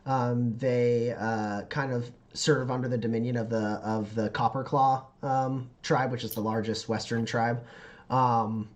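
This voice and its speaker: A man's voice: mid-range voice, steady tone. Chatty man running a tabletop game. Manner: halting, lots of fillers and laughs. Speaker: game master.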